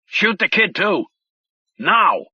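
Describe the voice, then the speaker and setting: Brief: narrator voicing a frantic, shouting handler in a spy thriller audiobook, high and strained. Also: male voice, big pitch swings, slow pace, slightly rough, no room sound, lo-fi sound, full character voice. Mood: frantic, hysterical. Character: hysterical male handler barking kill orders.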